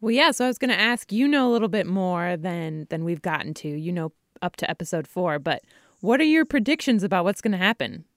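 A woman's voice: on the low side, very animated, fairly quick, no room sound, studio quality. A woman co-hosting a podcast, chatty and asking her guest questions. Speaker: podcast co-host. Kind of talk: casual podcast chat.

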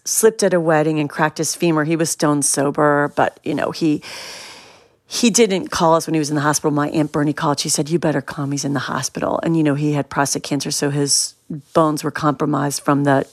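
A woman's voice: sits low, steady tone, a little fast, dry recording, studio quality. A woman guest in an interview, telling a personal story and acting out quoted lines with whispers and shifts of voice.

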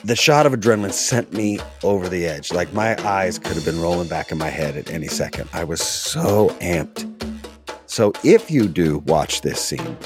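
A man, an actor, telling a casual anecdote from a film set, animated and quick to laugh. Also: low voice, over music. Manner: animated, laughs often, mimics others' voices. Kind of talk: casual storytelling.

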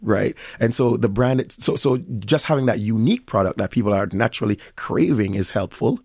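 Upbeat Jamaican man, low dry voice. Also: lively intonation, brisk, a little mellow, breathy edge, dry recording. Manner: upbeat, laughs often, acts out customers' voices. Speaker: restaurant owner and chef. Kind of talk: interview conversation.

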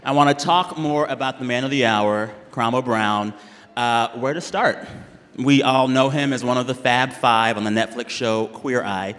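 A man's voice: mid-range voice, moderate pace, fairly bright tone. Upbeat man hosting on a stage. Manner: playful, laughing, upbeat. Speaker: host, interviewer. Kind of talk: live stage conversation. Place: large hall with live audience. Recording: live hall reverb, audience.

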